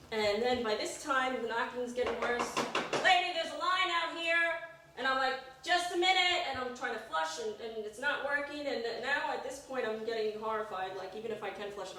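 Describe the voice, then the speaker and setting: Brief: expressive middle-aged woman telling a funny story live, distant mic, big reverberant room. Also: fairly high pitch, a little hiss or hum. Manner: animated, acts out voices. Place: performance room. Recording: echoey room from far off.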